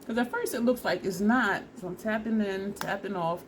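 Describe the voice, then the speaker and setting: A woman's voice: medium pitch, moderate pace, a little hiss or hum. A woman vlogger casually talking through a makeup try-on step by step, chatty and laughing at herself, teary and sniffly from allergies. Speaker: beauty vlogger.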